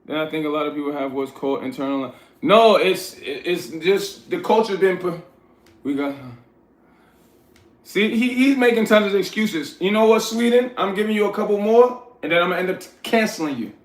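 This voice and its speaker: A man's voice: sits high, moderate pace. Blunt New man lecturing his livestream chat. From New York. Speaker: livestream host. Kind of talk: casual livestream chat, reading chat aloud. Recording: roomy echoey room.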